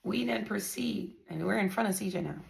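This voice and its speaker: A woman's voice: medium pitch, fairly quick, vocal fry. A woman talking casually to her viewers, blunt and profane, telling a story with strong emphasis.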